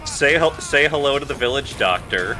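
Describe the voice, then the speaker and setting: A man's voice: medium pitch, expressive, normal speed, music in the background, crowd noise. A man chatting casually while a friend plays, giving tips and teasing her. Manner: laid-back, gives tips, teasing. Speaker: friend coaching the player. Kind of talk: casual gaming chat.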